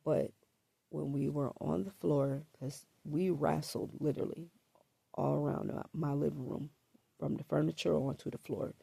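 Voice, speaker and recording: A woman telling her own story to camera in a halting, hesitant way, repeating words and filling pauses, with a throat scratchy from allergies. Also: deep voice, steady tone, creaky, warm tone, slightly rough, no room sound.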